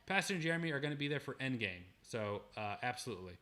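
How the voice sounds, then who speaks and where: A young livestream host gratefully reads viewer messages aloud in a casual stream, often restarting his sentences. He talks fast in a medium-pitched, sharp-toned voice with lively intonation.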